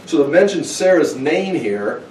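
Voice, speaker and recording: A man's voice: a little high, measured pace, slight background noise. Conversational preacher man in an echoey room. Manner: informal and animated, acting out quoted exchanges. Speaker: preacher teaching a Bible study. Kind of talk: conversational sermon teaching. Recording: echoey room, mic at a distance.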